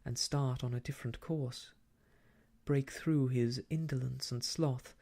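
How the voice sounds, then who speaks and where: A man softly reading an old novel aloud for ASMR, hushed and slow, slipping into whispers, close to the mic. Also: medium pitch, fairly even intonation, creaky, slightly rough. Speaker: storyteller.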